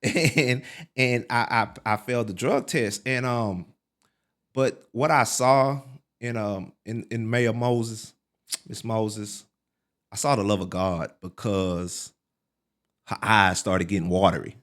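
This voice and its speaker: A middle-aged man, a podcast guest, telling his life story in a casual, animated way, full of fillers like "man" and "like". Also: slow pace. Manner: relives quotes with sharp pitch leaps.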